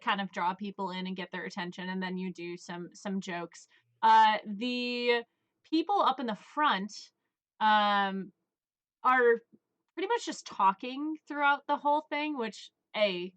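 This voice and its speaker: A woman's voice: on the high side, a bit bright. A woman narrating a tabletop game as game master, chatty, with many fillers and laughs.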